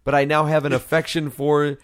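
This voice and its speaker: A man's voice: a little high, monotone, fairly quick, no room sound, clean studio sound. A man co-hosting a casual podcast, telling rambling, joking stories. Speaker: podcast co-host.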